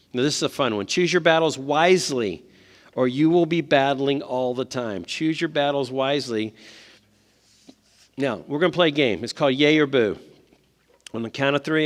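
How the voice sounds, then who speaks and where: In a church hall with long reverb, a man with a medium-pitched voice addresses a parent seminar at a moderate pace. He keeps it conversational, sharing stories and questioning the audience.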